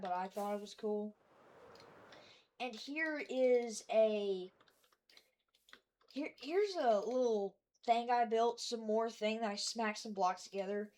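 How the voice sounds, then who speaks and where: A woman's voice: fairly high pitch, darkish tone. A woman giving a casual voice-over of her game world, rambling and hesitant, with lots of fillers, restarts and self-deprecating asides. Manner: self-deprecating about her own work. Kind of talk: casual voice-over narration of gameplay.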